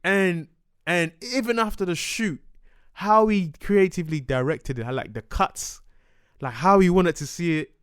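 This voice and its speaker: A man's voice: high voice, measured pace, clear, resonant tone, no room sound, clean studio sound. A young man from Ghana, a guest artist animatedly telling stories in a casual interview. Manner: animated storytelling, acts out quoted exchanges.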